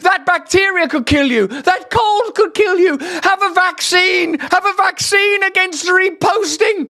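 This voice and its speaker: A man putting on the voice of a shrill, fussy, bossy official, squealing his orders in a mocking way. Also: measured pace, pushed and bright, full character voice. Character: shrill fussy nanny-state official, male adult.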